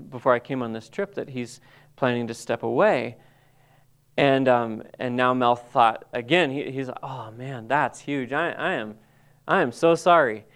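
A middle-aged man telling a halting, emotional personal testimony to a group, full of restarts and pauses. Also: mid-range voice, clean tone. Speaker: Bible college staff member.

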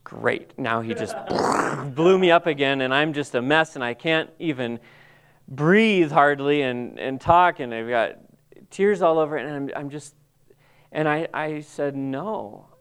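Man telling an emotional story, smooth voice. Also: fairly high pitch, a bit bright. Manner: halting, emotional storytelling with many restarts. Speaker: Bible college staff member. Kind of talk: personal testimony talk.

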